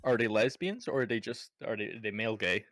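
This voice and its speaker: A man's voice: lowish voice, lively intonation, brisk, fairly bright tone, no echo. A man in casual podcast chat who laughs often and stammers as he repeats his words. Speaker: podcast co-host.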